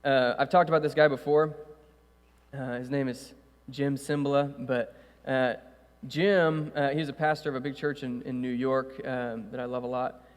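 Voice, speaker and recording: This pastor's medium-pitched voice holds fairly level and moves at a normal speed. He reads scripture before launching into a loose, filler-laden sermon, captured on an echoing stage mic amid the church hall's reverb.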